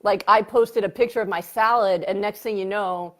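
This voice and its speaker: A woman psychiatrist talks as a guest in a relaxed interview. Her voice sits in a middle pitch, and she tells her stories animatedly, full of fillers, swinging up into laughter. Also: normal speed. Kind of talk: casual interview storytelling.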